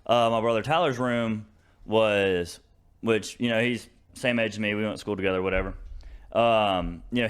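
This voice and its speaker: Young southern dude on a podcast, rambling story, lots of ums and restarts. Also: male voice, fairly low pitch. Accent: Southern American. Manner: rambling, many fillers and restarts, laughs through stories. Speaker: podcast co-host. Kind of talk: casual storytelling chat.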